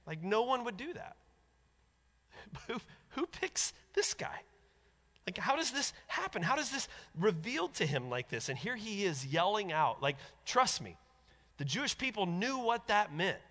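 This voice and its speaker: Male pastor, high bright voice, lively sermon delivery that acts out quoted voices, long hall reverb. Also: normal speed.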